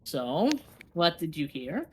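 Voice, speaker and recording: A woman's voice: deep voice, sing-song, takes it slowly, a little hiss or hum, exaggerated voice. Three Earrings, a woman doing a German-accented pirate boss. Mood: probing. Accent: put-on German. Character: shrewd snouted female pirate boss.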